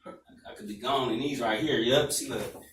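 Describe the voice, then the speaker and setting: A man's voice: medium pitch, normal speed, reverberant, recorded from a distance, heavy background noise, natural voice. A man voicing his young male friend who plainly admits he would rather run than fight, in a matter-of-fact way. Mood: bragging. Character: honest young man who always runs.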